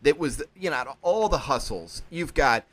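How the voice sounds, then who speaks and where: Animated male podcast host. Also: on the high side, moderate pace. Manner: animated storytelling with acted-out quotes. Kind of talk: casual conversational podcast.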